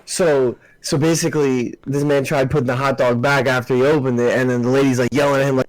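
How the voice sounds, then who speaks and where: A young man co-hosting a podcast, telling stories in relaxed, slangy casual chat with swearing. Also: medium pitch, fast, dry recording, rough recording. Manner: laid-back storyteller, slangy, swears. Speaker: podcast co-host.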